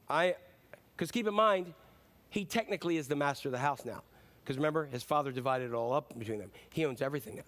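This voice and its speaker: A middle-aged male pastor with a noticeably high voice delivers a sermon. He talks in a loose, conversational way and acts out the lines of the Bible characters he reads. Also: quick pace, a bit bright.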